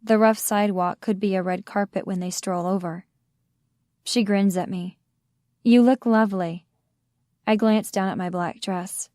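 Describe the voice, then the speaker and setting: A woman tells a first-person story in a measured, intimate reading voice. Her pitch sits in the middle of the range. The recording is dry and close, with no room echo. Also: steady tone, darkish tone. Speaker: audiobook narrator. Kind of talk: first-person audiobook narration.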